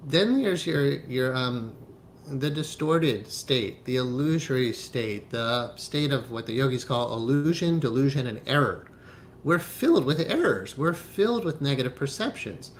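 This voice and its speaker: A man's voice: medium pitch, lively intonation, a little slow, a little hiss or hum. A man giving a spiritual teaching talk on hypnotherapy, speaking emphatically, often checking in with "right?" and laughing as he goes.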